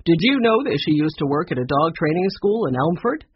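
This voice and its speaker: A man voicing a pushy, defensive, suspicious baker in a storybook, with an emphatic, husky voice. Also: fairly high pitch, very animated, fairly quick. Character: smooth-talking suspicious male baker, defensive. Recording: dull muffled recording.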